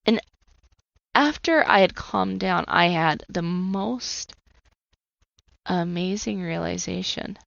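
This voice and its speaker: A woman's voice: fairly low pitch, slow, vocal fry, long pauses, a bit bright, no echo. A woman in her thirties, a trauma coach hosting her own podcast, telling her personal story in an earnest, emotionally open way. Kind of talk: personal testimony monologue. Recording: slightly muffled dry recording.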